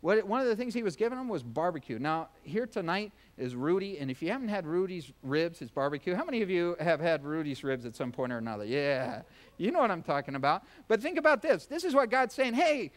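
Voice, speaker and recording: High-voiced pastor preaching. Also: male voice, very animated, quick pace. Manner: folksy, joking, acts out voices. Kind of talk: sermon. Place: church.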